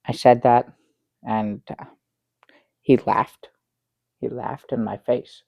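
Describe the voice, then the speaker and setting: A man doing a rambling, halting storyteller with a gravelly voice. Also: mid-range voice, fairly even intonation, no echo, highs cut off. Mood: dry, halting. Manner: rambling, halting, with many restarts and fillers. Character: bumbling middle-aged man telling a tall tale. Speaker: guest on a comedy talk show. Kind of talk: improvised sketch comedy.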